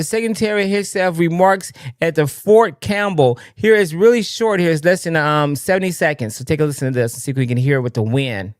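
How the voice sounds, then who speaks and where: A man hosting a casual live political commentary stream, talking in an excitable, rambling way with lots of restarts. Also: fairly high pitch, no room sound, clean studio sound. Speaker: livestream political commentary host.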